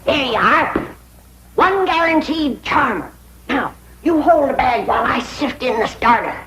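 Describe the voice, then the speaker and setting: A woman's voice: high-pitched, lively intonation, unhurried, a bit bright, rough recording. An actress playing a bossy, feisty old backwoods grandmother with an Ozarks drawl in a 1960s sitcom. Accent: Ozarks rural American. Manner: bossy, folksy.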